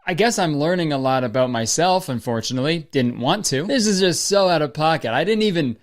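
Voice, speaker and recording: A man's voice: fairly high pitch, animated, a little fast. A young man giving rambling, sarcastic comedy commentary and swearing freely as a YouTube comedian.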